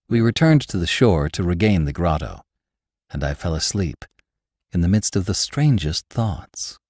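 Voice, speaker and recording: A man narrating a classic adventure novel in a measured, expressive reading. His voice is low, with a lively, animated pitch. The recording is dry and close. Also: no room sound. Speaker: host and narrator.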